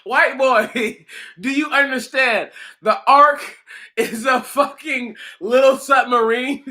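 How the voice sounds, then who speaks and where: A high-pitched man with a bright, cutting tone rants on his own channel. He is profane and confrontational, and he talks at an unhurried, drawn-out pace as he mocks the people in his comments. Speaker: channel host answering commenters. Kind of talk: heated livestream rant.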